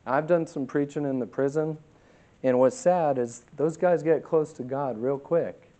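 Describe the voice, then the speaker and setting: Fervent pastor with a higher voice. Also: male voice. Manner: emphatic preaching that swings from loud to quiet; reads scripture slowly and deliberately. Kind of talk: sermon.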